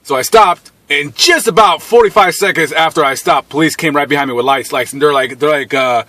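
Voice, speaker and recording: A man's voice: fairly high pitch, a little fast, few pauses, sharp tone, dry recording. A man in his thirties telling a personal story in a blunt, profane, casual way, often laughing as he goes.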